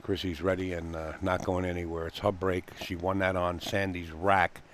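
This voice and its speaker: Deep-voiced guy calling a pool match, laid back and chatty, lots of uhs, faint hum behind him. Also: level tone, moderate pace, a bit bright. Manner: chatty, folksy, laughs easily, frequent fillers. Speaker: pool commentator. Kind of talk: live sports commentary. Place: pool hall commentary booth.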